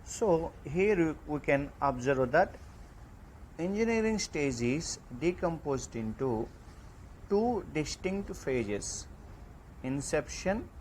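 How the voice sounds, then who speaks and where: A man lecturing in an online class, reading slide points slowly and deliberately. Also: fairly high pitch, a little hiss or hum, low-quality recording.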